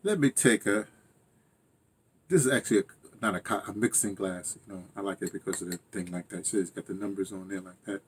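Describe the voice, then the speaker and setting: A man's voice: sits low, brisk, a little hiss or hum. An older man rambling through a casual monologue as host of his own channel, interrupting himself and chuckling at asides. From United States.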